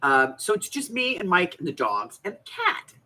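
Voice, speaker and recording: Animated middle-aged woman telling stories. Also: on the low side, moderate pace, poor audio. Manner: animated storyteller, laughs often. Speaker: craft livestream host. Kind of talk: casual chat while crafting. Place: home craft desk, indoors.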